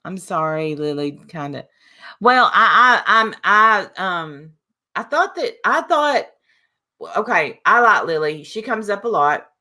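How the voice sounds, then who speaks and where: A woman's voice: medium pitch, big pitch swings, unhurried, pushed and bright. A woman hosting a live call-in stream, talking casually and bluntly, rambling with restarts and fillers. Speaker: live show host.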